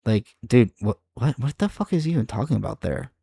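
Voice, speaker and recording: A man's voice: mid-range voice, lively intonation, brisk, vocal fry, mellow, husky, no echo. Exasperated, profane man ranting. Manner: exasperated, profane, rambling with restarts. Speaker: video creator. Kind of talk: reacting to comments on video.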